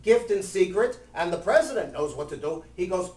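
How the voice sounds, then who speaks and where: A man's voice: sits high, normal speed, few pauses, noisy background. A man telling a story to a live group in a casual, jokey way, acting out voices. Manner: lively, jokey, acts out voices and shouts. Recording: echoey room, mic at a distance.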